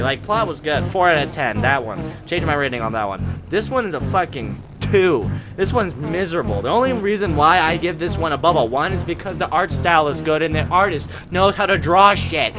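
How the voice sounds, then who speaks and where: A man reviewing anime in a casual, rambling monologue that flares into excitable, profane rants. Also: a little high. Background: background music.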